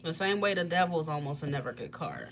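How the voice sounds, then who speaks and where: A woman tarot reader chatting casually on a livestream, blunt and swearing freely, with frequent laughter and sudden high jumps in her voice. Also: sing-song, fast talker, a bit bright, faint music behind.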